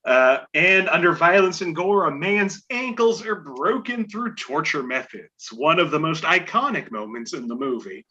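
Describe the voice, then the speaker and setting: A man's voice: on the high side, expressive, moderate pace, few pauses, pushed and bright, lo-fi sound. A man hosting a casual podcast game show, reading clues aloud with playful asides and chuckles.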